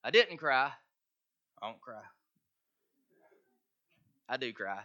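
A man's voice: on the high side, very animated, normal speed, pauses often, pushed and bright, dull audio. A man, preaching a sermon as pastor with earnest, emphatic appeals.

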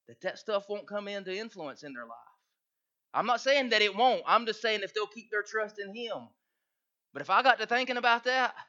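A man's voice: high-pitched, bright, forceful tone, dull audio. A man, preaching a sermon as pastor with earnest, emphatic appeals.

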